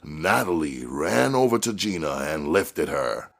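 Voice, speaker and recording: Deep, slow-reading male narrator. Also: sing-song, gravelly, fairly bright tone. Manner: measured, rising on action beats. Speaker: audiobook reader. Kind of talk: dramatic audiobook narration.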